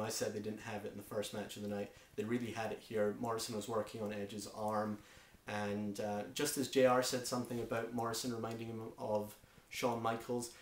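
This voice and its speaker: Man, Scottish accent, casual review, opinionated, enthusiastic, lots of ums, echoey room. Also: fairly low pitch. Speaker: wrestling show reviewer.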